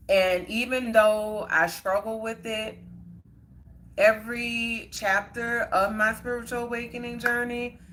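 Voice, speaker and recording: A woman's voice: mid-range voice, bright, forceful tone, slight background noise. A woman hosting a live stream, telling a personal story in a casual, earnest, conversational way with plenty of fillers. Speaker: livestream host.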